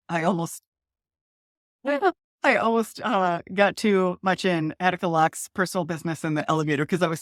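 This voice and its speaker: A woman, a guest author chatting in an interview, excitable and quick to laugh. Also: low-pitched, no echo, studio quality. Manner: bubbly, laughs often, excitable. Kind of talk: casual interview chat.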